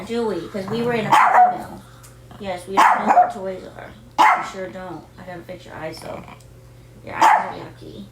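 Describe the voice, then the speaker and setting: A woman of medium pitch who runs a senior dog sanctuary from her home talks casually to her dogs in doting baby talk, mixed with mock scolding. Background noise is audible.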